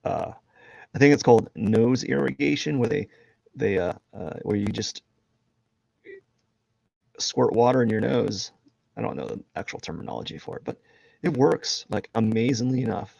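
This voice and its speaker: A man's voice: on the low side, lively intonation, normal speed, creaky, pauses often, a little mellow, no room sound. A man chatting casually on a live drawing stream, rambling and jokey, laughing at himself. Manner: rambling, jokey, self-deprecating, laughs a lot. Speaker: streaming artist. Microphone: headphones and desk mic.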